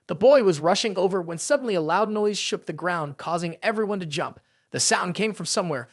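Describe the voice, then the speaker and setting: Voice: medium pitch, very animated, fairly quick, few pauses, no room sound, studio quality. A narrator telling a fantasy story recap in scripted, dramatic storytelling.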